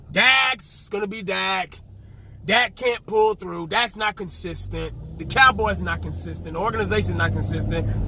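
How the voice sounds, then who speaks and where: A man with a strikingly high voice that swings up and down as he rants. He repeats himself, turns sarcastic, and drops into mock whispers. He sits in a car, and steady background noise runs under his voice. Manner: animated, repetitive, sarcastic, mock-whispering asides. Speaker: sports fan vlogger. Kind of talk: casual fan rant to camera.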